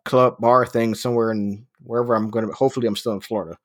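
A man's voice: mid-range voice, steady tone, fast talker. A man in his thirties telling a story in casual chat, swearing often and laughing as he talks. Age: 30s. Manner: profane, laughing anecdote telling.

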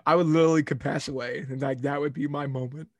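A young man hosting a sports podcast, telling a rambling, animated story in casual talk. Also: a little high, fast talker, dry recording.

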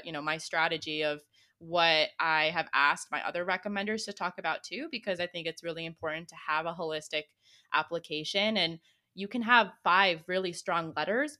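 A woman's voice: fairly low pitch, pushed and bright. A young woman co-hosting a casual advice chat, talking in a chatty way with many fillers. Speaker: co-host.

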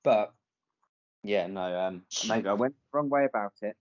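A man's voice: fairly low pitch, normal speed. A posh, easygoing man chatting on a podcast. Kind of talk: casual chat. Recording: dull lo-fi sound.

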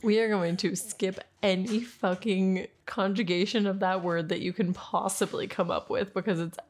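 A woman's voice: medium pitch, steady tone, normal speed, a little hiss or hum. A young woman co-hosting a casual chat, blunt and teasing, swearing freely. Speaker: podcast co-host.

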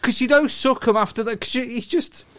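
A man's voice: extremely high pitch, fairly quick, a bit bright. A man co-hosting a podcast, swearing constantly as he rambles and laughs through stories. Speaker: podcast co-host. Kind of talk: casual banter.

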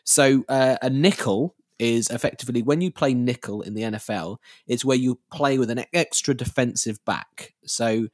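Measured man, dry close mic. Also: mid-range voice, no room sound. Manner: measured, explanatory, firmly contrarian. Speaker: podcast co-host. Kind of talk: casual sports chat.

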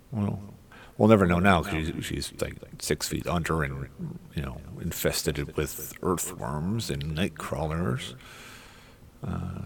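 A man's voice: low voice, gravelly, husky. A middle-aged man hosting a podcast, rambling through casual solo commentary with irreverent, crude asides. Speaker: podcast host.

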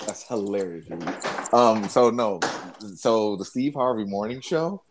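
A man's voice: on the low side, measured pace, background noise. A man co-hosting a casual podcast chat, telling stories animatedly and acting out voices from prank calls. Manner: animated storyteller, acts out prank-call voices. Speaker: podcast co-host.

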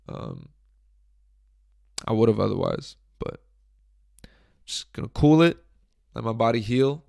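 Hoarse, gravelly-voiced young man with a cold. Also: fairly low pitch, a little mellow, no room sound, clean studio sound. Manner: crude, joking, rambling. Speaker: podcast host. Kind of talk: casual solo podcast chat. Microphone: studio microphone, close.

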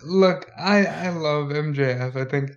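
Excitable man on a muffled mic. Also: on the high side, unhurried. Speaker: podcast co-host. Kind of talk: casual wrestling chat.

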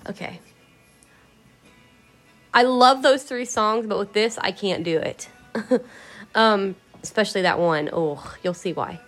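Woman vlogger, candid and rambling, mid-pitched voice, faint music underneath. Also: slow pace, pauses often. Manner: candid, swears, laughs, rambling retelling. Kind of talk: casual emotional storytelling.

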